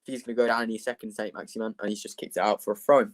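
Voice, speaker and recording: A man's voice: fairly low pitch, fairly even intonation, racing. Chatty man hosting a live watchalong. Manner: chatty, rambling, laughs often. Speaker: livestream host. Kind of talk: casual live football watchalong commentary.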